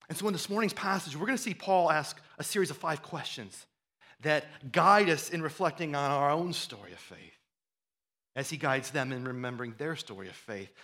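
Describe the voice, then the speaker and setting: A pastor preaching a sermon in a conversational way, often restarting his words and building to loud, fired-up stretches. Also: a little high. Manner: animated preaching that rises to loud, fired-up bursts.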